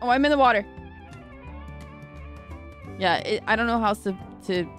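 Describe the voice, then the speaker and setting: A young woman streaming a fishing game, loud and giggly, joking in a put-on country-girl manner. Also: on the high side, normal speed, faint music behind. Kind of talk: excitable gaming commentary.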